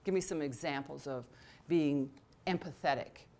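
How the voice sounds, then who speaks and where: A woman's voice: low-pitched, normal speed, a little mellow. A woman leading an interactive training session, talking conversationally with many fillers and restarts, and joking with the attendees. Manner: laughs and jokes with attendees. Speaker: workshop trainer.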